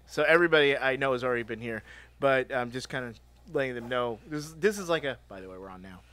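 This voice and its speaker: A man's voice: medium pitch, fast talker, fairly bright tone. A man co-hosting a live stream, rambling and joking in casual banter. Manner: rambling, joking, full of restarts. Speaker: co-host of a live drawing stream.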